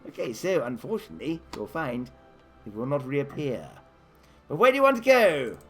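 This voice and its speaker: With faint music behind him, a husky-voiced man of medium pitch and normal speed leads kids through a live tabletop adventure game. As game master, he narrates scenes with animation and lays out choices for the players.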